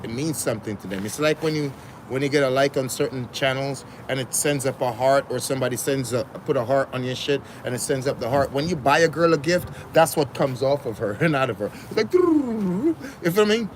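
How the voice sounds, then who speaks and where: A man's voice: medium pitch, slight background noise, rough recording. A man on a casual livestream, talking slangy and profane, laughing often and hammering home repeated phrases. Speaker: livestream host.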